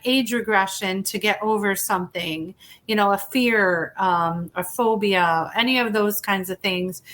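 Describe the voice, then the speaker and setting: A woman hypnotherapist talks through her story in a relaxed interview. Her voice is bright and a touch sharp, sitting at an ordinary middle pitch. She talks chattily, restarts her sentences and acts out the back-and-forth she quotes.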